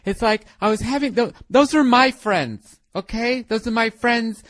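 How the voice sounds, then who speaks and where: A man's voice: very high-pitched, measured pace, fairly bright tone, voice pushed up. A man voicing a nagging, self-pitying wife who whines and keeps tacking on "okay?". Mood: whiny nagging. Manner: whiny, wheedling, repeats "okay?".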